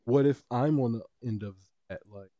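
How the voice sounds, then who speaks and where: A man's voice: medium pitch, normal speed, mellow, dry recording, lo-fi sound. A young man co-hosting a podcast, telling stories in casual chat and acting out the people he quotes. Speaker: podcast co-host.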